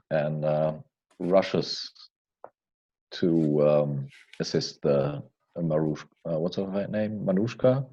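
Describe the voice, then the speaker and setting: A man's voice: sits low, dark tone, lo-fi sound. A man playing in a tabletop role-play game, chatting casually and hesitantly. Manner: hesitant and unhurried. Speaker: player.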